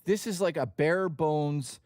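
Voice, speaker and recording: A man's voice: fairly high pitch, takes it slowly, a little mellow, no room sound, studio quality. A man hosting a livestream, talking in a casual, jokey and profane way. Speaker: livestream host.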